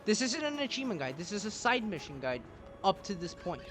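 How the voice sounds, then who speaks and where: A man's voice: sits high, very animated, brisk. A man giving exasperated, self-mocking gameplay commentary, mixed with his own put-on voices for game characters. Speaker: gaming YouTuber. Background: game music.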